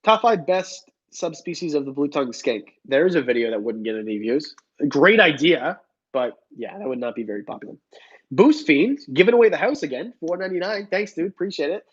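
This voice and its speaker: A man's voice: on the high side, lively intonation, fairly quick, slightly rough. A young man hosting a casual reptile livestream, joking and reading chat comments aloud. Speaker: reptile channel host answering live chat. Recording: dull lo-fi stream audio.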